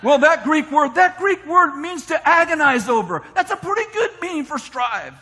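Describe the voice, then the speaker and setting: A man preaching a lively sermon, shouting his points and mimicking complainers in mock voices. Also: very high voice, normal speed, slight background noise. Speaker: pastor. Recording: long hall reverb from a church.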